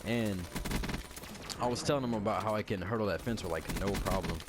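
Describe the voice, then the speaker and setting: A man's voice: on the low side, fairly quick, heavy background noise. A young man vlogging, telling a casual story full of slang and swearing. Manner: animated, heavy swearing and slang. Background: background music.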